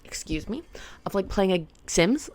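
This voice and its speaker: A woman's voice: mid-range voice, expressive, measured pace, darkish tone. A woman vlogger talking casually and playfully to camera about self-improvement, rambling with lots of "like". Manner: rambling and playful, heavy use of "like".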